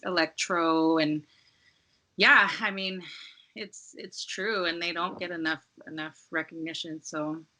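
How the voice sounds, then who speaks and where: Woman, from Los Angeles, DJ guest, low pitch, bright tone, rambling casual talk, lots of fillers. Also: measured pace. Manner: relaxed, rambling, heavy use of "like" and "um". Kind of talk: casual podcast chat.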